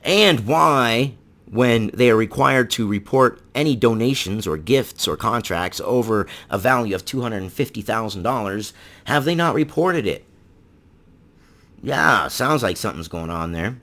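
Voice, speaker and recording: A man's voice: medium pitch, fairly bright tone. A man giving indignant, sarcastic opinion commentary on the news, full of rhetorical questions. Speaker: political commentary channel host.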